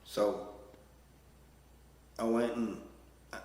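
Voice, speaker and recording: A man's voice: fairly low pitch, steady tone, extremely slow, darkish tone, echoey room, big-room sound. A man telling stories in a casual, rambling way, plain-spoken and self-deprecating, with lots of "you know" fillers. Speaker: storyteller. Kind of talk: casual storytelling.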